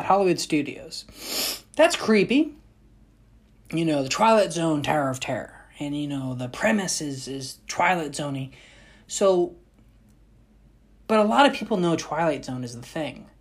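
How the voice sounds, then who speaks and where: A young woman vlogger chatting casually, rambling with frequent restarts and self-corrections. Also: low-pitched. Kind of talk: casual chat.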